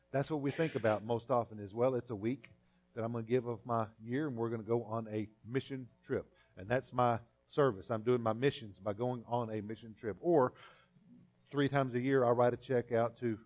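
A pastor delivers a sermon in a mid-range, darkish male voice. His folksy preaching feels conversational, full of repeated phrases and little acted-out scenes.

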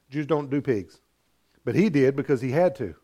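A man preaching a sermon as pastor, retelling a parable with animated storytelling and acted-out voices. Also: mid-range voice, slow, breathy edge, muffled recording. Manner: animated storytelling, acting out characters.

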